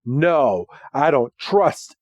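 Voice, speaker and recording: A man voicing an angry, distrustful legendary dragon creature in quick quotes during a podcast recap. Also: mid-range voice, big pitch swings, no echo, clean studio sound, exaggerated voice. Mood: indignant.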